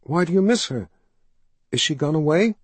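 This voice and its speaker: A man's voice: a little high, lively intonation, moderate pace, breathy edge, dry recording, pitched above the performer's own voice. A man reading an audiobook voices a frightened, shy young boy who speaks weakly and timidly.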